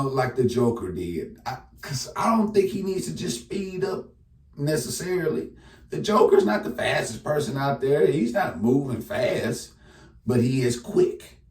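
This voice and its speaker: A man's voice: medium pitch, a little mellow, far from the mic. A man giving a casual, chatty sports reaction, talking straight to the viewer. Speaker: sports commentator. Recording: echoey room, voice off-mic.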